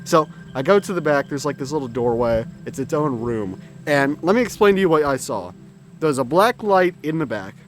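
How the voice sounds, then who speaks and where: A young man with a slightly high, animated voice tells a story at a moderate pace, casual and rambling, with the occasional swear word. He corrects himself as he goes, and clear background music plays in the recording.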